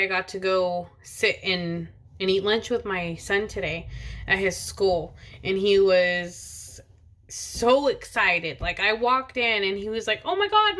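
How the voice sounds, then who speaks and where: Speaking from behind the wheel of her car, this thirty-something mother of two has a mid-range voice with a sharp edge. She talks to the camera in a loose, rambling vlog style, full of fillers and false starts.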